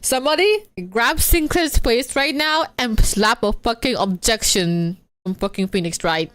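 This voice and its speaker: A woman streamer giving casual, excitable game commentary, swearing and laughing often. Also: on the high side, measured pace, dry recording.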